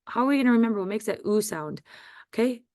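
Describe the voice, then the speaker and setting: A woman teaching a phonics dictation lesson, sounding out words slowly and deliberately. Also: a little high, lively intonation, a little mellow, no room sound, clean studio sound.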